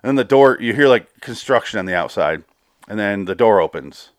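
Man, casual recap, swears a lot, laughs, lowish voice, dry recording. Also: lively intonation, dry recording. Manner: rambling, swears freely, laughs, quotes characters in quick bursts. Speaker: podcast host recapping a TV episode.

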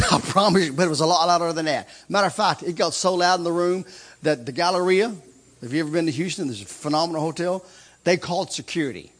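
A man preaching a sermon as a story, swinging from loud, excited shouts to hushed, intense lines. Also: a little high, fast.

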